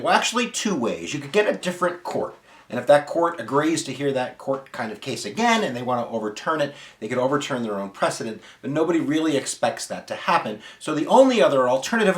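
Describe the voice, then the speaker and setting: Animated male history teacher, echoey room. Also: medium pitch, a little fast, soft background music. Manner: animated, addresses viewers directly. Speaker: history teacher and channel host. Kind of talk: energetic video lecture.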